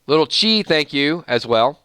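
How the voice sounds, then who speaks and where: A man hosting a casual livestream, chatting loosely and rattling off supporters' names with quick thank-yous. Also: fairly high pitch, animated, pushed and bright, smooth, dry recording, clean studio sound. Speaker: livestream host.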